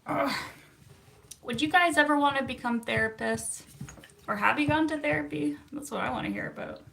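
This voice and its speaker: A therapist, chatting casually on a livestream and answering viewer comments with frequent laughs. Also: female voice, high voice, moderate pace, creaky, fairly bright tone, a little hiss or hum. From Canada. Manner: chatty and upbeat, laughs often, self-teasing.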